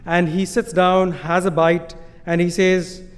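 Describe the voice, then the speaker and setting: High-voiced Indian man telling a story. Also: little pitch movement, measured pace, smooth. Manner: amused, self-deprecating, chuckling between lines. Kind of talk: live storytelling on stage. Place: stage in a large hall. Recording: live hall with long reverb.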